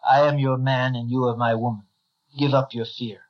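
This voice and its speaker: A man voicing a proud, ruthless male god of law in a plain, measured reading on a slightly dull recording. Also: medium pitch, steady tone, close to an everyday voice. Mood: commanding.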